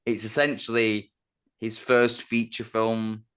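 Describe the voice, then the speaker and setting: A man co-hosting a film podcast in casual chat, gushing and animated, with lots of filler words. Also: lowish voice, slow, clear, resonant tone. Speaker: podcast co-host.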